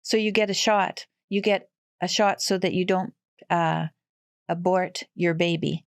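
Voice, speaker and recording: A woman in her sixties from western Canada tells stories in a lively, animated way, often breaking into laughter. Her voice sits in a middling register. The recording is close and dry. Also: lowish voice, measured pace, smooth, dry recording. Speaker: guest. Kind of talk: casual storytelling.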